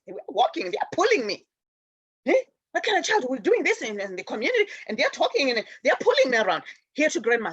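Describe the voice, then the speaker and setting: Animated woman telling stories, lo-fi. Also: sits high, quick pace, dry recording. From raised in a village outside America. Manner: animated storytelling, acts out relatives' voices. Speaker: show host. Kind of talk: spiritual talk show monologue.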